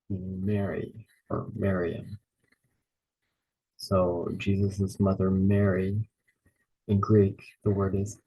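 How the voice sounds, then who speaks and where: A man's voice: low-pitched, completely flat delivery, slow, long pauses, husky, dull audio. A man teaching a beginners' lesson on Bible Greek, carefully repeating each word and spelling names out letter by letter. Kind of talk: slow, patient pronunciation lesson.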